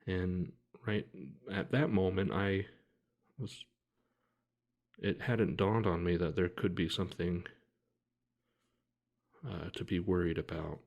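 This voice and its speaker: A man speaks slowly in a low, gravelly voice as he tells his own story to the camera. He halts often and restarts his sentences, and his speech stays quiet and heavy throughout. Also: fairly even intonation. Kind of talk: personal account told to camera.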